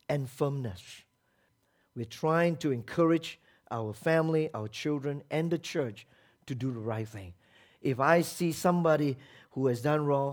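A man preaching a sermon as pastor, emphatic, asking the congregation rhetorical questions and acting out quoted voices. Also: on the high side.

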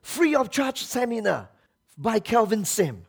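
A man's voice: high-pitched, big pitch swings, measured pace, vocal fry, husky. A man preaching a sermon as pastor, emphatic, asking the congregation rhetorical questions and acting out quoted voices.

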